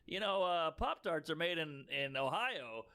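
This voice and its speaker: Man, comedy podcast chat, animated storyteller, high-ish voice. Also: unhurried. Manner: animated storytelling, mimics people in quotes.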